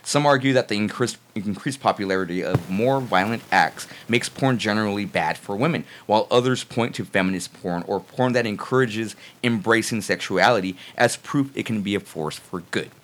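A man's voice: on the low side, moderate pace, few pauses, fairly bright tone. Laid-back man reading news aloud. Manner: profane, laid-back, stumbles when reading. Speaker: podcast co-host reading news. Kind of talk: casual chat and reading articles aloud.

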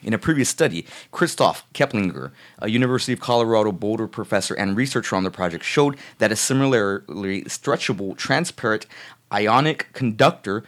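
A man co-hosting a casual podcast, reading articles aloud with a relaxed, profane manner and occasional stumbles. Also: on the low side, a little fast. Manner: profane, laid-back, stumbles when reading. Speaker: podcast co-host reading news.

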